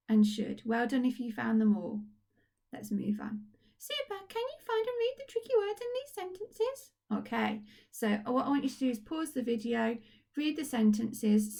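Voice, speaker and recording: A woman's voice: on the high side, creaky, darkish tone. A woman teacher giving a recorded phonics lesson to young children, upbeat and encouraging. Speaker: primary school teacher. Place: at home.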